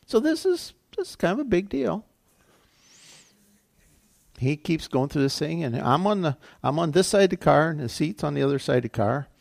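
An older male pastor delivers a sermon in a gravelly voice that swoops up and down with lively pitch. He talks conversationally, circling back and correcting himself as he tells a story. The sound is dry and close. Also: moderate pace, no room sound.

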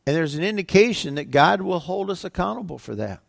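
A man's voice: sits high, lively intonation, brisk, creaky, dry recording, studio quality. A male pastor preaching a sermon, retelling scripture in a conversational, everyday way.

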